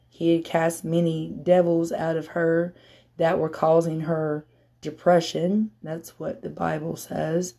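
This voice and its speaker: A woman preaching a sermon, telling a Bible story and building to loud, emphatic peaks. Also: fairly low pitch.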